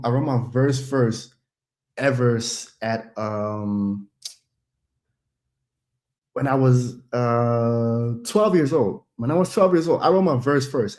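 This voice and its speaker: Here a Dutch rapper in his thirties, with a medium, somewhat dark voice, chats casually as a guest on a stream. He tells stories loosely and ramblingly, laughing easily as he goes.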